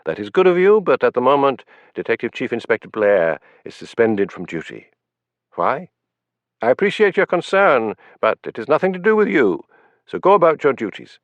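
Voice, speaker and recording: A man's voice: medium pitch, sing-song, moderate pace, no room sound, dull audio, voice pushed up. A male narrator voicing a pompous police superintendent who speaks with curt, stiff politeness. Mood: dismissive.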